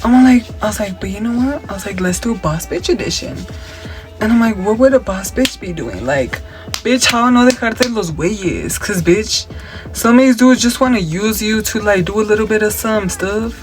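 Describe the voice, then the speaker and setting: A man's voice: high-pitched, lively intonation, moderate pace, music in the background. A young man, chatting casually through a makeup tutorial and story time, sassy and profane, mixing Spanish slang into his English. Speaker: makeup vlogger. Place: at home.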